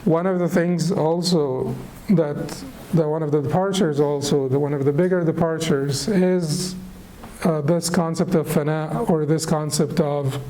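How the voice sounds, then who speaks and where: A middle-aged man teaching a lecture on spirituality, unhurried and thoughtful, pausing with fillers and restarting phrases. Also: on the high side, dark tone, slight background noise, low-quality recording. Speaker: Islamic studies teacher.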